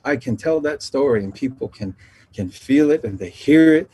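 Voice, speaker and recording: A man, from the Nation, sharing traditional teachings in a gentle, unhurried storytelling talk that pauses and circles back. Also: medium pitch, animated, slightly rough. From Navajo Nation.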